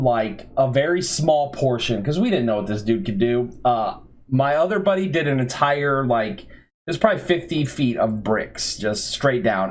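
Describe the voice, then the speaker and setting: A man on a podcast telling a funny story about an old job in a casual, animated way, acting out the quotes. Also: medium pitch. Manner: animated, laughing, acts out quotes. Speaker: podcast co-host.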